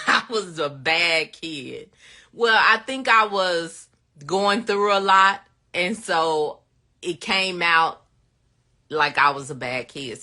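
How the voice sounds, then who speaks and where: Slow-talking bright-voiced woman host. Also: fairly low pitch. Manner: chatty, greets viewers by name, laughs often. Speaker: livestream host answering viewer questions. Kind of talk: casual live chat.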